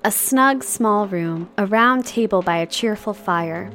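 A woman reads a classic novel aloud in an even, medium-pitched voice, stopping now and then for playful, self-deprecating jokes. Soft music plays faintly underneath. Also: measured pace. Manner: jokey, self-mocking asides between read passages. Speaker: podcast co-host. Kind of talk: reading a novel aloud with casual commentary.

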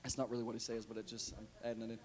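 A male pastor preaching to a church congregation, moving between hushed talk and shouted calls for the room to answer back. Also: lowish voice, completely flat delivery, very fast. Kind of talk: sermon.

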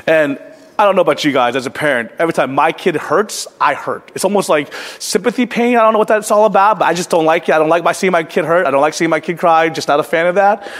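A man preaching a sermon as a pastor, telling a story in a conversational, earnest way that sometimes sinks to a hush. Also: a little high, fast talker. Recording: long hall reverb.

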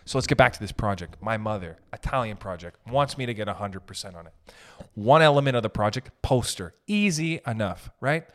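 A young man hosting a podcast, ranting in a comedic, animated way, swearing and laughing as he goes. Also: fairly low pitch, fairly quick. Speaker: podcast host. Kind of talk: comedic rant.

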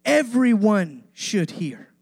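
Man, pastor, high voice, emphatic sermon delivery, repetitive phrasing, dry close recording. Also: big pitch swings, slow pace, darkish tone, slightly rough, no echo. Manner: preaching with rising emphasis and repetition.

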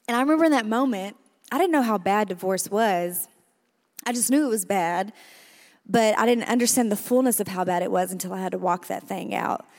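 A woman in her thirties from Arkansas with a Southern accent, sharing her church testimony and praying in an emphatic, crowd-addressing way. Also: medium pitch. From Arkansas, USA. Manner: warm, emphatic, talks to the crowd as y'all. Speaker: guest speaker sharing testimony.

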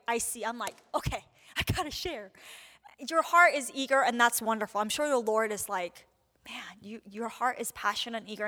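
A woman teaching on prayer in a casual, animated way, acting out the short prayers and replies she describes. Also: on the high side. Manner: casual, animated, acts out little prayers and quotes. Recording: long hall reverb.

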